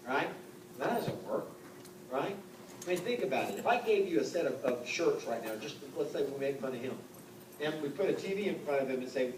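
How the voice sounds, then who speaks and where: A man's voice: mid-range voice, animated, quick pace, a little mellow. A man in his fifties, a real estate coach giving a live seminar talk to an audience, conversational and joking, full of rhetorical questions. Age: 50s. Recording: echoey room, distant mic, noticeable background noise.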